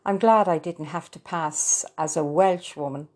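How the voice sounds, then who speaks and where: Woman reading young daughter, eager, affectionate, storybook, low voice. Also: a little slow, a little mellow.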